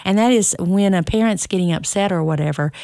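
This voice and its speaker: Dramatic woman with gravelly voice. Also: on the low side, brisk, mellow, no echo, studio quality. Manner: dramatic storyteller. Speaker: school staff member and parent, guest. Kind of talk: casual interview chat.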